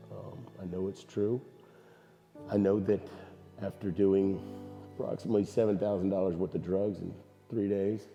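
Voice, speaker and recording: A man giving a personal testimony at church, halting and earnest, with a voice worn from screaming. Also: lowish voice, warm tone, in a large hall. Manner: halting, earnest, many fillers.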